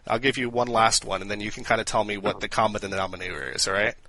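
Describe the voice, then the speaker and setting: A man co-hosting a podcast, chatting casually and telling jokes in a lively way with lots of fillers. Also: lowish voice, fast, a little hiss or hum, low-quality recording. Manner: animated joke-telling with frequent fillers. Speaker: podcast co-host.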